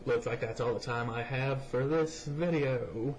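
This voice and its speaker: A man's voice: a little slow, a little hiss or hum. A young man gives goofy let's play commentary on a cheap early mic, reading game lines aloud while his voice jumps around. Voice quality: goofy, pitch jumping around. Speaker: gamer.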